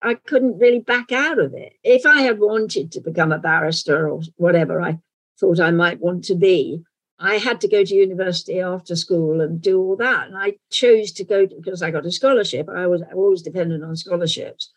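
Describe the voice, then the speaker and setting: A woman in her eighties from England, with a London accent softened toward received pronunciation, speaking frankly and wryly in an interview. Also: fairly low pitch, poor audio. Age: 80s. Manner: frank, wry, measured storytelling. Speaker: actress guest. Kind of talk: reflective interview conversation.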